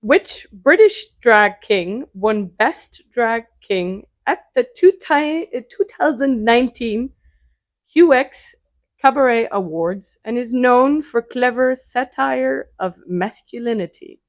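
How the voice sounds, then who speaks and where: A woman co-hosting a podcast, reading quiz questions slowly and deliberately between light laughs. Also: fairly high pitch, animated. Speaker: podcast co-host, quiz reader.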